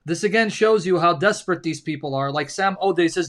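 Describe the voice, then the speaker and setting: A man co-hosting a religious debate stream, sarcastic and emphatic, slowing down to stress his points. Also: high-pitched, animated, a bit bright. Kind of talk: casual mocking commentary.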